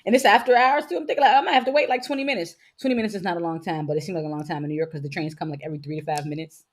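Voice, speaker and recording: A woman's voice: deep voice, rapid-fire. A woman in her thirties co-hosting a podcast, telling stories in casual chat, acting out voices and laughing often. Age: 30s. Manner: animated storyteller, laughs often, acts out voices. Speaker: podcast co-host. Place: living in New York.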